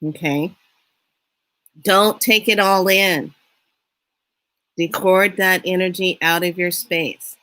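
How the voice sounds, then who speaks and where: A middle-aged woman telling a story in a casual monologue, unhurried and animated, acting out what people said. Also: lowish voice. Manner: unhurried, animated retelling with acted-out quotes. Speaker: spiritual reader and vlogger.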